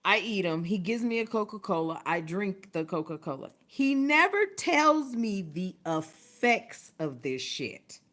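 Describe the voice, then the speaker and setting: A woman's voice: mid-range voice, sing-song, a little slow, few pauses, a bit bright. A woman hosting a livestream, telling a story in casual, profane talk and laughing often. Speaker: livestream host. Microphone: phone or webcam, livestream.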